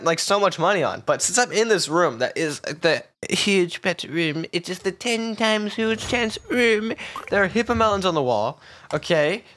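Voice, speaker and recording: A man doing excitable, melodramatic gameplay commentary as a gaming video creator. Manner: excitable, melodramatic, jumps to squeaky yelps. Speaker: gaming YouTuber.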